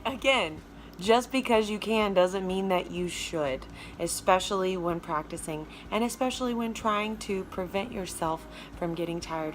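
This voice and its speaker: In a casual video lesson, a vocal coach with a low alto voice and a Southern American accent addresses her viewers directly in a talkative, emphatic way. The background is noisy.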